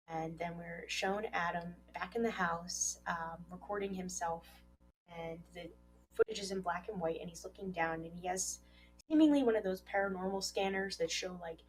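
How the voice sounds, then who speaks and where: A woman's voice: on the low side, slight background noise, low-quality recording. A woman co-hosting a podcast, recapping a story in casual talk and acting out the quoted lines. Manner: animated, acts out quoted lines. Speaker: podcast co-host.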